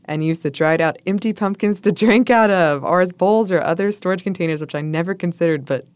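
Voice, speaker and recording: A woman's voice: fairly low pitch, brisk, darkish tone, clean tone, no room sound. A woman co-hosting a casual chat, reading food history aloud with playful asides and frequent laughter. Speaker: podcast co-host.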